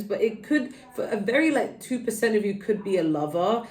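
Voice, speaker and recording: A woman's voice: mid-range voice, animated, fairly quick, a little mellow. A woman giving a tarot reading to her viewers, rambling and earnest, with many fillers and restarts. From United Kingdom. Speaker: tarot reader. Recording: echoey room, voice a little far from the mic.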